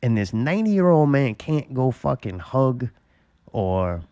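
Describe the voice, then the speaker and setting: Male host, mid-pitched, loose and profane, rambling storyteller. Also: big pitch swings, measured pace, warm tone, dry recording. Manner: rambling storyteller, swears a lot. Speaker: podcast host. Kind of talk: casual profane chat.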